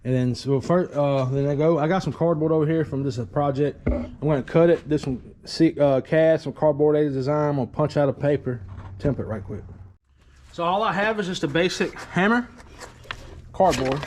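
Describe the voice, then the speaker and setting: A man's voice: fairly high pitch, normal speed, darkish tone, slight background noise. Easygoing man in his shop. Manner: rambling, easygoing, self-deprecating. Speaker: DIY truck builder. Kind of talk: casual shop vlog narration. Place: workshop garage.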